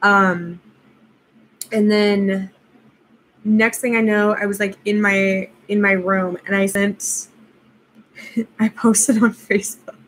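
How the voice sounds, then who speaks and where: A woman's voice: medium pitch, level tone, slow pace, long pauses, fairly bright tone, poor audio. A young woman vlogger casually telling a personal story, rambling with lots of fillers and laughing at herself.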